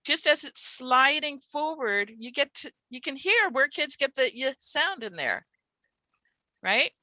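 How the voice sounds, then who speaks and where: A woman leads a workshop for reading teachers, stretching out sounds and syllables as she demonstrates. Her voice is bright and a little high. The recording is dry and close, with no room echo. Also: very animated. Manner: demonstrative, sounds out words slowly. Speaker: literacy teacher trainer. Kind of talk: workshop presentation.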